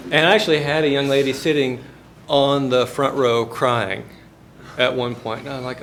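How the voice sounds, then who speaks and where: A man's voice: medium pitch, fairly even intonation, normal speed, noisy background. A man, a business professor lecturing in a folksy, joking, conversational storytelling manner.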